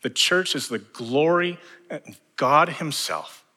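A man preaching a sermon as pastor, building to fervent emphasis and dropping to hushed lines. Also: fairly high pitch, expressive, slow pace, long reverb tail.

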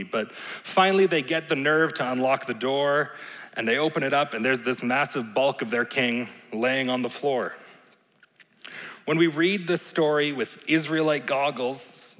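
A man's voice: medium pitch, a bit bright. A man preaching a sermon in a conversational, playful way, often checking in with the room. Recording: long reverb in a large hall.

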